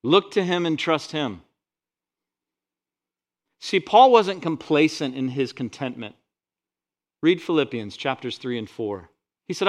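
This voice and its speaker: A man pastor preaching a sermon, rising loud on scripture and dropping quiet for asides. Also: fairly high pitch, lively intonation, measured pace, long pauses.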